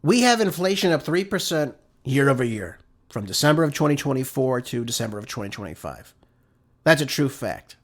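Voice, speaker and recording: A man's voice: mid-range voice, big pitch swings, brisk. A man hosting a political show, delivering an emphatic commentary monologue full of rhetorical questions and heated asides.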